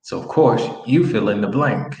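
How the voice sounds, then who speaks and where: A man teaching a Spanish lesson in a relaxed way, repeating example phrases slowly as he writes them out. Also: mid-range voice. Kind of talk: online language lesson. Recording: echoey room with faint noise.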